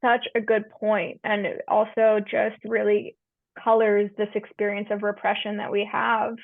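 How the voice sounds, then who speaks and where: A woman's voice: mid-range voice, completely flat delivery, unhurried, creaky, no echo. A woman counselor and yoga teacher explaining breathwork as an interview guest, earnest with easygoing slang. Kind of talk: casual interview talk. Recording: tinny phone-like line, dry.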